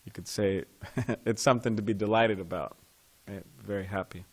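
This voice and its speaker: Low-voiced man teaching a scripture class. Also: fairly even intonation, moderate pace. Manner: conversational, questions the audience. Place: temple class room.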